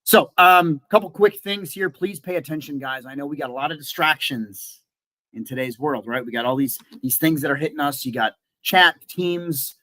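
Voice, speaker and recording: A man's voice: on the high side, normal speed, sharp tone, dry recording. Man, from southeastern Wisconsin, webinar host, casual upbeat delivery, frequent fillers, dry recording. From southeastern Wisconsin, USA. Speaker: webinar host and business coach. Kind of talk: live webinar presentation.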